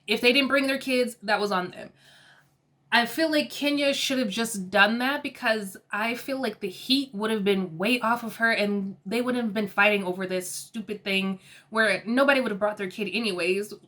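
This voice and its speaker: A young woman talks through a reality TV episode in a chatty, gossipy recap. She is opinionated and voices strong views on what she watched. Her voice sits a little high, with a bright, forceful edge. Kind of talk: casual episode review.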